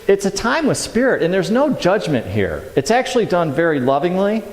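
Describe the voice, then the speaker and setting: A middle-aged man giving a sermon in a church, telling a personal story in an animated way and acting out his own reactions. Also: mid-range voice. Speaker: speaker at a church service. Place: large church hall. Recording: echoey hall with long reverb.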